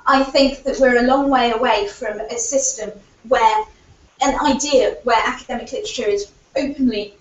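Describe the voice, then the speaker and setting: A woman's voice: on the high side, steady tone, normal speed. A woman giving an earnest conference presentation, arguing her points with frequent fillers, her voice still recovering. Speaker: conference speaker. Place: lecture hall. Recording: echoey hall, distant, dull lo-fi audio.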